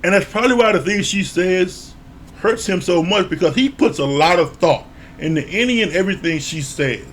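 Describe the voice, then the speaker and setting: A reality TV reviewer with a slightly high, fairly bright voice loosely recaps an episode at a moderate pace, drifting from couple to couple. His intonation is lively, full of slang, swearing and the odd chuckle, with a faint room hum behind him.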